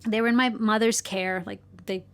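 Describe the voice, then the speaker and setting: A woman's voice: medium pitch, steady tone, normal speed, fairly bright tone, smooth. A middle-aged woman, a podcast guest, telling a personal story with earnest emotion and small laughs.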